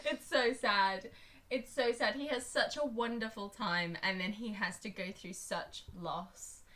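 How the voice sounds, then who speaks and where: A woman's voice: medium pitch, unhurried, fairly bright tone. An English woman co-hosting a podcast in casual film chat, giggly, playfully dramatic and swearing freely. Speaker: podcast co-host.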